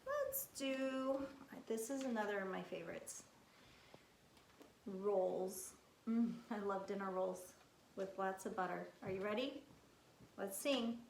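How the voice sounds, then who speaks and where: A woman's voice: medium pitch, slow, vocal fry, long pauses, a little mellow, slight background noise. A woman teaching young children from picture cards, coaxing them with questions. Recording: echoey room.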